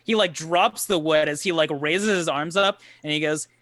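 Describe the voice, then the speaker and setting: A man's voice: on the high side, normal speed, fairly bright tone, dry recording. A man narrating a tabletop game as game master, rambling with lots of filler words.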